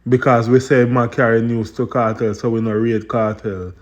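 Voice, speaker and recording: A man's voice: medium pitch, level tone, moderate pace, darkish tone. A man with a Jamaican accent hosting commentary on video clips, addressing viewers in patois with an indignant, explaining tone. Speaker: commentary host.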